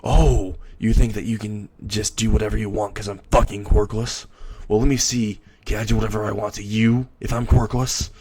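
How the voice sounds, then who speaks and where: A man's voice: fairly low pitch, little pitch movement, normal speed, darkish tone, a little hiss or hum, lightly acted. A man doing a furious bullied teenage boy. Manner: bitter, swearing, seething.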